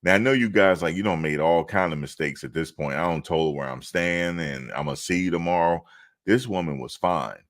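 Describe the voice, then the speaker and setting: A man from New Jersey telling a travel story to camera in a casual, animated, slangy way, repeating himself for emphasis. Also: low-pitched, fairly quick.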